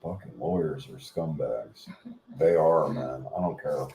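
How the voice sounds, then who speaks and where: A man's voice: very deep voice, measured pace, mellow, a little hiss or hum. A middle-aged man hosting a channel, ranting in a blunt, profane, rambling way. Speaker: channel host. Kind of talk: casual rant. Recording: echoey room.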